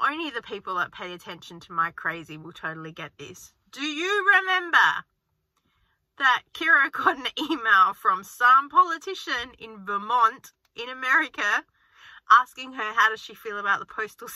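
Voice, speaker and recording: A woman in her forties rambles cheerfully to her vlog viewers while sitting in her car, filming on a handheld phone. Her voice is very bright and sharp, and the sound is dry and close. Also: fairly high pitch, animated, normal speed, dry recording. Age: 40s. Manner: chatty, rambling, upbeat. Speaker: frugal-living vlogger. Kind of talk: casual chatty vlog. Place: inside a car.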